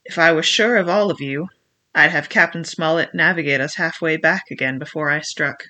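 A reader doing Long John Silver, gruff scheming pirate. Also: medium pitch, normal speed, pushed and bright, close to an everyday voice. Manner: gruff, persuasive, menacing. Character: ruthless scheming old male pirate cook. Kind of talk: audiobook reading.

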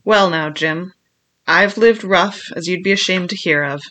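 A ragged old castaway man, half-crazed from years alone, as a storyteller puts him on. He drawls slowly in rough sailor speech, his voice bright and a touch lifted. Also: medium pitch. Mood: earnest.

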